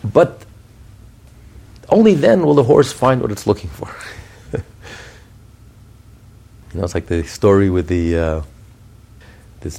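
A man, a rabbi, preaching a sermon with animated, repetitive emphasis and storytelling. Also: low-pitched, creaky.

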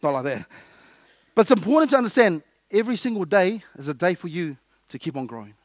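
High-voiced lively male preacher, dry sound. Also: fast, no echo. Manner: lively, jokey, acts out little scenes. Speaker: pastor. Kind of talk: sermon.

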